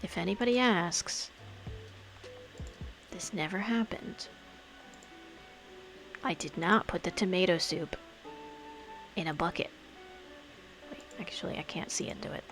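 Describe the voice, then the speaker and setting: A woman's voice: on the low side, measured pace, pauses often, fairly bright tone, soft background music. A woman streamer chatting casually while playing a game, thinking aloud and murmuring to herself.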